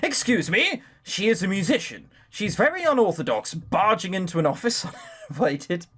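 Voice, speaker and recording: A woman's voice: mid-range voice, sing-song, moderate pace, slightly rough. A man voicing a haughty older woman, speaking with an exaggerated put-on French accent in a snooty, theatrical way.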